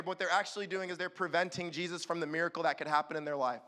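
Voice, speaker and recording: A man preaching a sermon as youth pastor, animated and acting out quick little voices to the room. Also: on the high side. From California.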